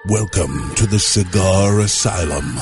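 A man voicing a grim, theatrical male asylum announcer in a radio promo, delivered slowly and ominously. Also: deep voice. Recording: voice over loud promo music.

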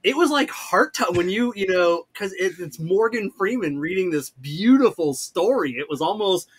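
A man chatting on a radio talk show, speaking haltingly with many fillers. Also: sits high, lively intonation, breathy edge. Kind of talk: casual chat.

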